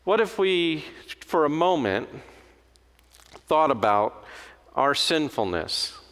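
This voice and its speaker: A man's voice: fairly high pitch, big pitch swings, takes it slowly, fairly bright tone. A man preaching a sermon in a conversational, storytelling manner. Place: church. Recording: long hall reverb.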